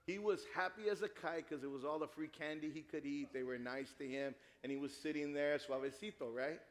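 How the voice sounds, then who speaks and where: Animated middle-aged pastor in a reverberant church. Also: male voice, fairly high pitch, a little fast. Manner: animated storytelling, acts out dialogue. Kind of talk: sermon with personal story. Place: church sanctuary. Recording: long hall reverb.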